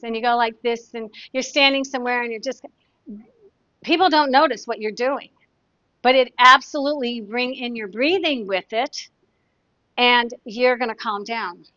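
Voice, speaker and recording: A woman's voice: fairly high pitch, moderate pace, a bit bright, clear, resonant tone, no echo. A woman therapist talking in a chatty, casual teaching way, demonstrating exercises and telling anecdotes. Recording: dull, dry lo-fi sound.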